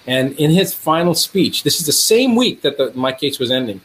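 A man's voice: moderate pace, a little hiss or hum. A man, a doctor, telling stories in conversation, acting out dialogue with a rising voice. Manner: animated, acts out dialogue with rising pitch. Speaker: doctor guest. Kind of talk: storytelling in conversation.

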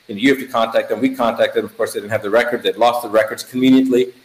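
Animated middle-aged man in an echoey room. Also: mid-range voice, racing. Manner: animated, emphatic, repeats words in lists. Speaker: physician guest. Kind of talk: casual chat.

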